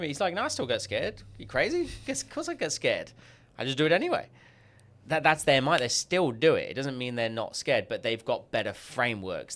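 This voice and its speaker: An Australian man as a podcast guest, telling stories and acting out quoted dialogue with lively jumps in pitch. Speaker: guest, sales coach. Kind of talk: podcast interview storytelling.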